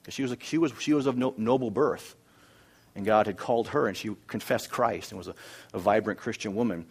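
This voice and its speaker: A man's voice: on the low side, a little fast, slightly rough. A man preaching a sermon through a Bible passage, emphatic and repeating key phrases as he builds his points. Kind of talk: expository sermon.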